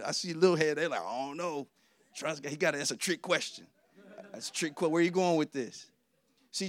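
A male preacher with a fairly high voice delivers a lively sermon, telling stories and repeating his key lines. He keeps questioning the congregation. The sound is close and dry, with no room echo.

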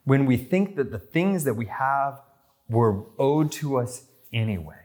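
An American man in his thirties preaching a sermon, telling stories and lifting his voice for quoted lines and excited passages. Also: unhurried. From United States. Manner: storytelling, rises in pitch for quoted voices and excitement. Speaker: pastor.

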